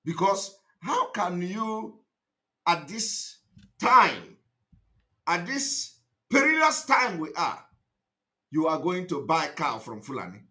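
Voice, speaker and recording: A man hosting an online show, delivering an impassioned commentary with repeated phrases and sudden loud outbursts. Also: very animated, slow, pauses often. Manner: emphatic, repetitive, swings between loud outbursts and low asides.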